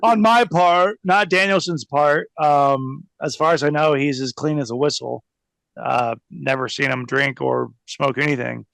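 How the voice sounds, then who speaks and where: Slow-talking, laughing man, dry sound. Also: on the high side, steady tone, vocal fry, a bit bright, dry recording. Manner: rambling, laughs often, mocking. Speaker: guest, former pro wrestler. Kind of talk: casual interview storytelling.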